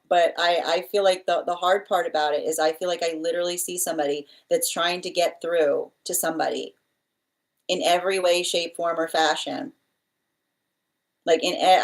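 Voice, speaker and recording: Female tarot reader, live reading; rambling, repetitive delivery, acts out the spirit messages she relays. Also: fairly low pitch. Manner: rambling, repeats phrases, voices spirit messages.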